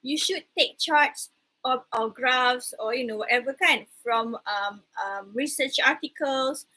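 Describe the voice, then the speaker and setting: A Malaysian woman with a high, bright voice lectures her class. A breathy, husky edge sits under her words as she mixes English with Malay and hammers home each rule. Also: a little slow, poor audio. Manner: mixes English with Malay words, repeats key rules firmly. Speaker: university lecturer.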